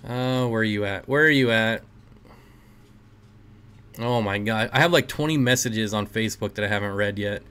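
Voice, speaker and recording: A man's voice: lowish voice, moderate pace, long pauses, fairly bright tone, smooth. A man hosting a casual livestream, reading chat comments aloud and joking with viewers, often laughing. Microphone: desk mic.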